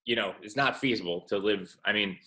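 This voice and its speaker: A man's voice: fairly low pitch, a little fast, bright, forceful tone. A man appearing as a podcast guest, giving blunt, crude advice in casual chat.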